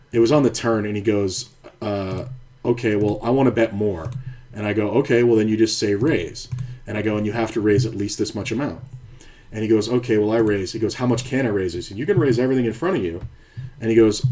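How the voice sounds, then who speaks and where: A man's voice: on the low side, warm tone. A man streaming online poker, telling a rambling, profane story from his dealing days in a casual chat. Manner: rambling, profane, restarts sentences. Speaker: poker streamer and former card dealer. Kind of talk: casual storytelling while playing.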